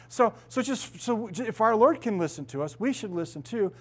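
A man's voice: sits high, expressive, normal speed, few pauses. A middle-aged man preaching as a pastor, telling stories animatedly and acting out the voices of the people in them, laughing often. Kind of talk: sermon.

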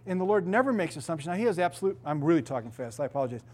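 A middle-aged pastor with a fairly high, darkish voice races through a sermon, his pitch swinging widely. He tells stories animatedly, acting out the voices of the people in them and laughing often.

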